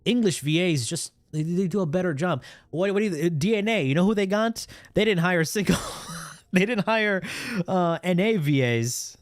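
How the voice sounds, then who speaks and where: A man livestreaming and reacting in a casual chat, animated and profane, with his pitch swinging up and down. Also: moderate pace, no room sound, clean studio sound.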